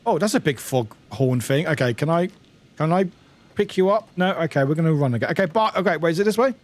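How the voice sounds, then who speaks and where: Chatty, lively game streamer man. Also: fairly high pitch, fast. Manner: chatty, swears, laughs often. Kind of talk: casual live-stream commentary.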